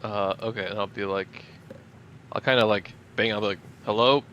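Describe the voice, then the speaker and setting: Casual male player, low and bright-toned, dull distant mic. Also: little pitch movement, moderate pace, slight background noise. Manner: casual, offhand. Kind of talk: casual tabletop play.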